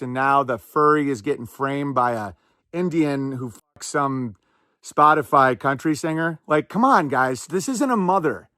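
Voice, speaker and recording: A male podcast host talking in a somewhat high voice, rambling through sarcastic commentary full of quick asides. The sound is dry and close, with no room echo. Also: bright, forceful tone. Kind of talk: casual commentary.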